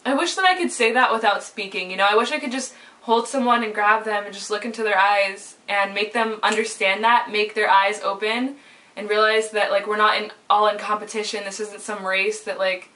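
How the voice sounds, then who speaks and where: A young woman talking openly to her viewers in a casual, rambling way, full of "like" and quick laughs. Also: mid-range voice, steady tone, bright, forceful tone. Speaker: vlogger. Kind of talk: personal vlog monologue. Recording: voice a little far from the mic.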